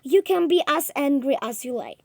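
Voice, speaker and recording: A woman's voice: sits high, lively intonation, moderate pace, a little mellow, dry recording, pitched above the performer's own voice. A woman voicing a polite but stubborn young male journalist in a storybook reading. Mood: defiant.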